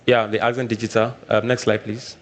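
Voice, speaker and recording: Nigerian male presenter, lowish voice, repeats himself, casual live workshop delivery. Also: flat delivery, fairly quick. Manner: repeats points, frequent "all right" check-ins.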